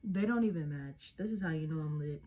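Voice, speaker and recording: A Texan woman in her 20s, a beauty vlogger, does her makeup at home and chats in a jokey, slangy way, trailing off with fillers. Her voice sits low and moves fairly quickly. The audio is dull.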